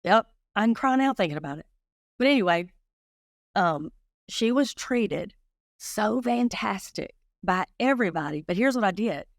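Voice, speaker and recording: In a dry, studio-quality recording, a middle-aged female guest investigator tells stories with a mid-range voice at a moderate pace. The interview is casual, and she addresses the audience directly with lively energy.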